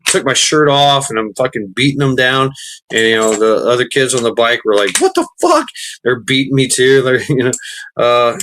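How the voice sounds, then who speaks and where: A man's voice: mid-range voice, bright, forceful tone, a little hiss or hum. A man chatting casually while gaming, rambling with many restarts and fillers, swearing freely.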